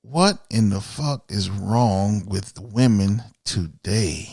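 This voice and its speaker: A man's voice: lowish voice, expressive, slow, gravelly, a little mellow, husky, no echo, studio quality. A man from Miami hosting a podcast, ranting bluntly and profanely in an opinionated solo monologue. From Miami, USA. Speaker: podcast host.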